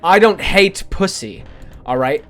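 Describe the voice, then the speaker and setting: A man's voice: sits high, lively intonation, unhurried, a bit bright, faint music behind. A male streamer chatting casually with his viewers, rambling, joking, swearing and poking fun at himself. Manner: rambling, joking, profane, self-mocking.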